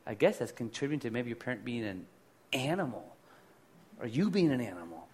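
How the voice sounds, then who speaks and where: Man preaching with lively storytelling. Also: mid-range voice, a little fast, slightly rough. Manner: animated, swings between loud and quiet. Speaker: pastor. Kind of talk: conversational sermon with personal stories.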